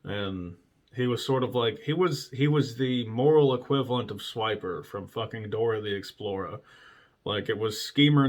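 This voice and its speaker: A man hosting a casual solo talk show, telling stories from his past bluntly and with lots of swearing, laughing at himself now and then. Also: lowish voice. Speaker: podcast host.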